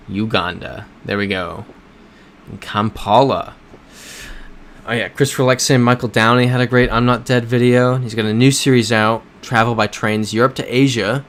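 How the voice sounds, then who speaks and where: A man's voice: medium pitch, fairly even intonation, normal speed, a bit bright, a little hiss or hum. A man hosting a casual livestream while playing a geography game, talking in a rambling, self-correcting way and answering chat. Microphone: desk microphone.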